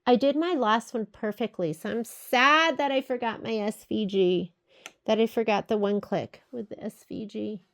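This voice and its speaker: A woman's voice: on the high side, normal speed, a bit bright. Chatty woman teaching a sewing project. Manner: chatty, talks straight to viewers while working. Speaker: sewing and embroidery instructor. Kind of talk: casual step-by-step craft tutorial. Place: sewing room at a sewing shop. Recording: faint machine noise behind.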